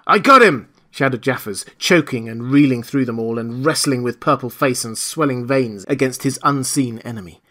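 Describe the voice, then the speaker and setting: A male audiobook narrator with a mid-range voice, telling the story in a dramatic, expressive way. Scripted narration, read steadily. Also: mid-range voice.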